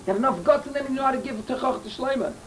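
Speaking at an extremely high pitch and a rapid-fire pace, a Torah teacher earnestly recounts stories in his lecture. He repeats key phrases and drops in Hebrew and Yiddish words. The audio is poor, with slight background noise.

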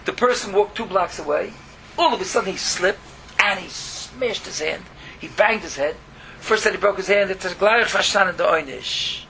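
A man's voice: high voice, normal speed, creaky. A man teaching a Torah lesson as a rabbi, telling stories, mixing in words and leaping up in exclamations. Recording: steady background hiss.

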